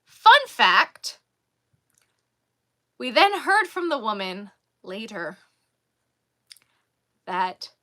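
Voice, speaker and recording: A woman vlogger tells a story in a relaxed, chatty way. Her voice is bright and fairly high, and her pitch swings widely as she gets animated and exasperated. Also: very slow, pauses often. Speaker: crochet vlogger. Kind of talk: casual storytelling.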